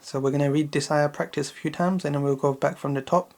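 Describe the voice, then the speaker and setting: A man teaching slow Quran recitation to children. He is patient, repeats each verse several times and checks in with a questioning "yeah?". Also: fairly high pitch, steady tone, darkish tone.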